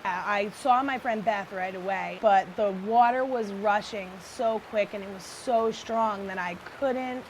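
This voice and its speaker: A woman recounting her flood escape in a documentary interview, halting and shaken. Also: medium pitch, slight background noise. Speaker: flood survivor.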